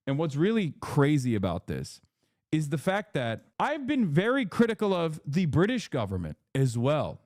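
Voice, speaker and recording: A man's voice: a little high, wildly swooping pitch, normal speed, darkish tone, no room sound, studio quality. A man doing live-stream political commentary, heated and indignant, with many fillers and restarts. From United States.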